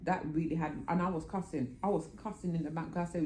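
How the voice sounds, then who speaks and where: A middle-aged woman chats casually to her vlog camera from home. Her voice sits low and mellow, though it leaps up in animated, indignant bursts. The room adds a noticeable echo. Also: a little fast, few pauses. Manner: animated, indignant storytelling with bursts of high pitch. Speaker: vlogger.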